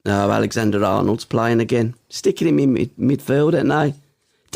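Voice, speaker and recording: An English man co-hosting a podcast, teasing and joking in casual banter with a cheeky, mock-deadpan manner. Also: mid-range voice, normal speed, creaky. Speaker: podcast co-host.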